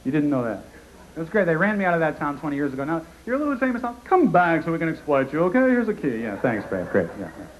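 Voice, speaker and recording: A man in his forties from Connecticut doing a stand-up comedy routine, sardonic and rapid-fire, full of asides. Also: a little high, sing-song, muffled recording. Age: 40s. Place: theater stage in front of a live audience. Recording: live concert recording with audience noise.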